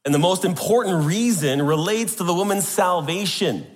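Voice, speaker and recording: A man's voice: sits high, normal speed. Emphatic male preacher in a reverberant hall. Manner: emphatic, rhetorical questions to the congregation. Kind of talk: sermon.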